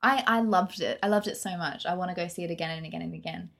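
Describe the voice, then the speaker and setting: A woman's voice: fairly low pitch, fast, creaky. A woman, chatting casually and animatedly about a film she loved. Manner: animated, chatty, laughs often. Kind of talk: casual film review chat.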